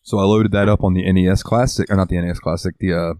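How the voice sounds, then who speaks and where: A man with a very low voice tells long rambling stories as a podcast co-host, cursing casually as he goes. The sound is dry and close, with no room around him. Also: fairly even intonation, very fast, darkish tone, dry recording. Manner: swears a lot and rambles through stories. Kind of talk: casual chat.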